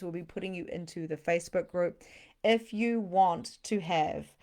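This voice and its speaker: A woman spiritual coach hosting a livestream, chatty and bubbly, reading comments and pitching her program, sometimes dropping to a hushed near-whisper. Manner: bubbly, chatty, reads comments aloud, quick laughs. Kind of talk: live-streamed sales pitch and chat.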